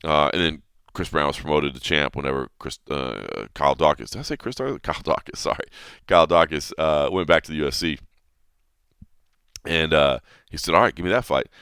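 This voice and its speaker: A man's voice: very deep voice, normal speed, creaky, clean tone, no room sound, studio quality. A man hosting a podcast, talking in a loose, rambling way and correcting himself as he goes. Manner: rambling, animated, corrects himself mid-sentence. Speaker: podcast host. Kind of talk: casual podcast commentary.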